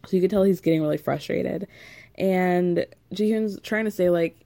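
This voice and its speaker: A woman's voice: fairly low pitch, moderate pace, vocal fry, dark tone. A woman hosting a podcast, recapping in a chatty, rambling way, full of "like" and easy laughter. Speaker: podcast host. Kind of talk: casual recap chat.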